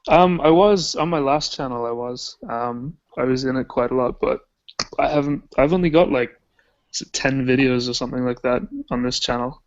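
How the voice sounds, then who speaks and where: A man's voice: mid-range voice, moderate pace. Hesitant English-born man on a call. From England. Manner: hesitant, lots of ums. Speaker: guest. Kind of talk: casual chat on a video call. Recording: dull lo-fi call audio.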